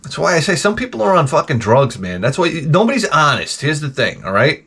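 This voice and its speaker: A man's voice: fairly high pitch, sing-song, brisk, gravelly, fairly bright tone, slightly rough. A middle-aged man hosting his own show, grumbling through a profane, exasperated casual rant. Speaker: show host. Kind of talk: casual ranting monologue.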